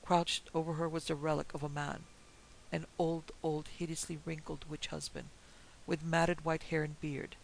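Gravelly male storyteller, steady reading. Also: on the high side, moderate pace, low-quality recording. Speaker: narrator. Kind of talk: storybook narration of a pulp horror tale. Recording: faint hiss behind the voice.

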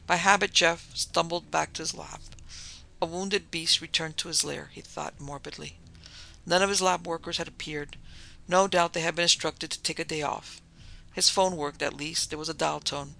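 Gravelly man narrating a thriller. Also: on the high side, steady tone, normal speed, bright, forceful tone. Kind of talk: scripted narration of a thriller story.

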